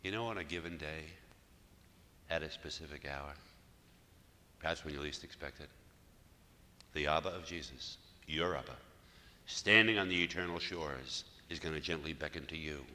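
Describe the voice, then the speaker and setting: A man in his sixties, a Catholic priest, telling a story in a sermon, moving between loud emphatic passages and hushed near-whispers. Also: rumbling low, moderate pace, pauses often. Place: church hall. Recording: live church talk with long reverb and faint noise.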